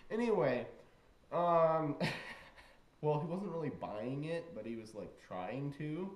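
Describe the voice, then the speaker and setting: Young man, slow, animated storyteller, filler-heavy vlog chat, echoey room. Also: fairly high pitch. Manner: rambling, filler-heavy, acts out the voices in his story. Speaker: vlogger. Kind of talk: casual storytelling. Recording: roomy echo.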